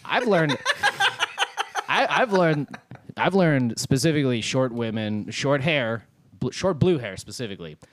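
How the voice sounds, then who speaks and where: A man co-hosting a podcast, trading crude banter in a drawling deadpan way. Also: mid-range voice, measured pace, dry recording. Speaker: podcast co-host.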